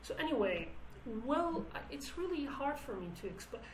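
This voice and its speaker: A woman's voice: high voice, big pitch swings, moderate pace, reverberant, far from the mic, slight background noise, rough recording. A woman whose first language is Kurdish, explaining song lyrics word by word in English as a teacher, thinking aloud and restarting her phrases.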